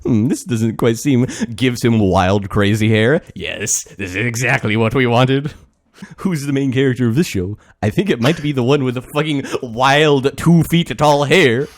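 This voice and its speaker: A man's voice: medium pitch, normal speed. Playful, laughing man on a podcast. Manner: playful, laughs often, jokey put-on voices. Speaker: podcast co-host. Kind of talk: casual chat.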